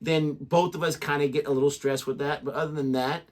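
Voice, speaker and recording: A man's voice: on the high side, fairly even intonation, fairly quick. A man co-hosting a reaction show, chatting casually with a rambling, self-deprecating manner.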